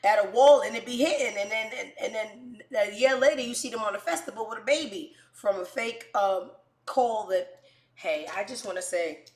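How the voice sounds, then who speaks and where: Brash, profane New woman host, storytelling, mid-pitched, echoey room. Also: moderate pace. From New York. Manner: brash, profane, jumps between quiet asides and loud bursts. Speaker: show host. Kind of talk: casual comedic storytelling.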